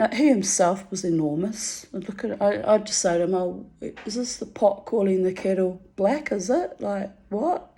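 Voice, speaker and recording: Blunt, swearing woman, warm low voice. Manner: blunt, swears freely, rambling asides. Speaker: storyteller. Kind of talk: candid personal monologue.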